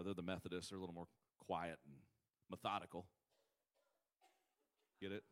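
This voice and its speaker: A man preaching a sermon, folksy and joking, swinging between shouted points and quiet asides. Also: on the low side. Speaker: pastor.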